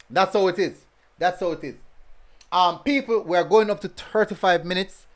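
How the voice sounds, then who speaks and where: A man's voice: high-pitched, moderate pace. A man hosting a casual football review stream, reading chat comments and talking in a chatty way, full of fillers and repeated phrases.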